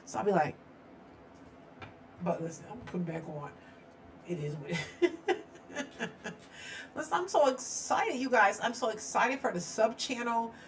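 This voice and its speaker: A woman's voice: a little high, expressive, moderate pace, pauses often, a little hiss or hum. Chatty middle-aged woman live-streaming from home. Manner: chatty, rambling, laughs often. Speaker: true-crime live stream host. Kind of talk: casual live-stream chat. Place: home studio.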